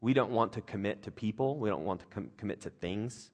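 Brisk and slightly rough, this lowish-voiced pastor, a dad of young children, delivers an animated, conversational sermon full of jokes. He slips into playful put-on voices when he quotes others.

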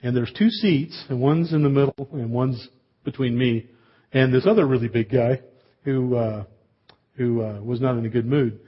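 Male pastor, husky voice, storytelling sermon delivery, dull lo-fi recording. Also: medium pitch, moderate pace. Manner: storytelling with humor and asides.

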